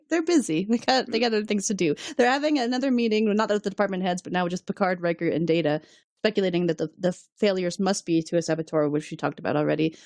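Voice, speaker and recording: Woman podcast co-host, mid pitch, dry close mic; giggly, casual recapper. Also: darkish tone, no echo. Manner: giggly, quick to laugh, recaps scenes in voices. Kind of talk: casual chat recapping a TV episode.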